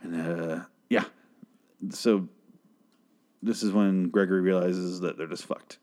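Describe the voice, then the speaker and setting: Man with a lowish voice for a casual show recap: rambling, swears a lot, breaks off mid-sentence, laughs often. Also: fairly even intonation, unhurried, darkish tone. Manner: profane, self-interrupting, laughs often.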